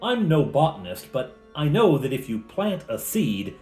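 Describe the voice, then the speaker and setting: A man voicing an eager, flustered adventurer who talks in an excitable, stammering way. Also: fairly high pitch, measured pace, reverberant, faint music behind, pitched above the performer's own voice. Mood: excited.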